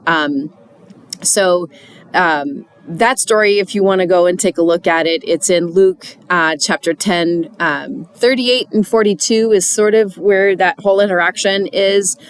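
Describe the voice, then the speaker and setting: A woman's voice: fairly low pitch, measured pace, smooth, no room sound. A middle-aged woman speaking to church volunteers in an earnest, chatty devotional talk, with many fillers and restarts.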